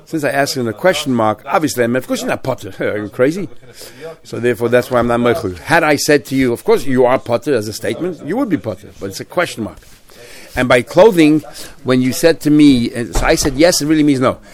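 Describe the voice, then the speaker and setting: A man leads a Talmud class in a lively sing-song chant. He acts out both parties of each case as he explains it, switching between them with quick, animated delivery. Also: medium pitch. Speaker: Talmud teacher.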